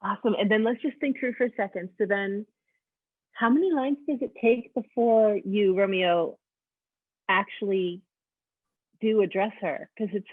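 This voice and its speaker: A woman's voice: mid-range voice, normal speed, long pauses, no room sound. Woman host on a tinny, dry line. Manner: encouraging, laughs along. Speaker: director of education, host. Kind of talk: interviewing webinar host.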